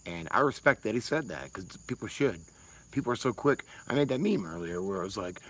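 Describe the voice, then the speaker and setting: A man's voice: on the low side, animated, quick pace, a bit bright, poor audio. A man, rambling casually and swearing freely on a livestream while answering chat. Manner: rambling, profane, laid-back.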